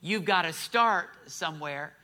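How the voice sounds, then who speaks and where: A middle-aged man preaching a sermon, emphatic, calling out for amens and shifting between loud declarations and soft asides. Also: on the high side, a little slow. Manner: emphatic preaching with rising calls for amen. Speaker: pastor.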